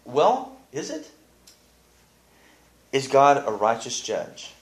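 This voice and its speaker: A man's voice: medium pitch, slow pace. A man leading a casual Bible study, teaching with many restarts and reading verses aloud. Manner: animated, restarts often, reads scripture aloud.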